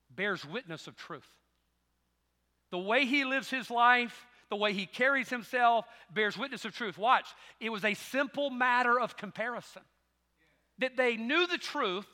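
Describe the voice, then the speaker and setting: A middle-aged pastor from the Southern United States preaches in a drawl, blending folksy stories with sudden emphatic bursts. His voice is high and bright, echoing with the long reverb of a church hall.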